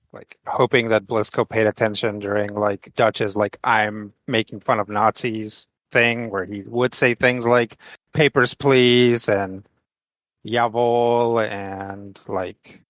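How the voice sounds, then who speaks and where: A man's voice: lowish voice, little pitch movement, slow, fairly bright tone, no echo, lo-fi sound. A man playing a tabletop game, chatting casually and hedging with lots of fillers. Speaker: player.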